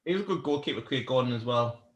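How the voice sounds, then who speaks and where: A man, co-hosting a casual chat over drinks and telling sweary, excitable football stories. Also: mid-range voice, quick pace. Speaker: co-host. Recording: echoey room.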